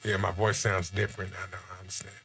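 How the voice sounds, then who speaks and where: A man from Texas, chatting casually on a podcast and telling animated stories with acted-out quotes. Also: low voice, quick pace, gravelly, slight background noise.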